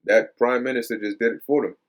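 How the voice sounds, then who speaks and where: A man's voice: mid-range voice, quick pace. Man commenting on news with many fillers. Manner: many fillers and repeated words; reads quotes aloud then remarks on them. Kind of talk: casual religious news commentary.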